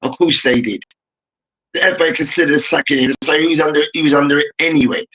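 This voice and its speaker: A man's voice: on the high side, fairly even intonation, fast, a bit bright. A young man hosting a heated sports debate, ranting and swearing as he talks. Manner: ranting, profane, repeats "hear me now". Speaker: debate show host. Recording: dull lo-fi recording.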